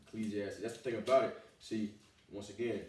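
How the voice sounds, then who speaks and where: A man's voice: on the low side, fairly even intonation, fairly quick, a little mellow, slight background noise. A man preaching a fiery scripture sermon, cursing freely and peppering his lines with "all right" and "man.". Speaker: street preacher. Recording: echoey, from far off the mic.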